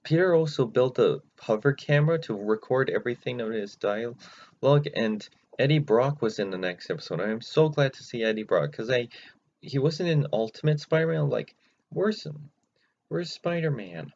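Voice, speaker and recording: A man casually recapping cartoon episodes without a script, rambling and halting with many restarts, in a dull lo-fi recording. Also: medium pitch, lively intonation, a little mellow. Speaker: channel host recapping episodes. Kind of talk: unscripted recap. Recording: dull lo-fi recording, faint noise.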